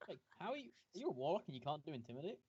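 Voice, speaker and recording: A man's voice: a little high, sing-song, racing, darkish tone, slightly rough. Wry male player, dull lo-fi sound. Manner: wry, joking. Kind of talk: tabletop game play.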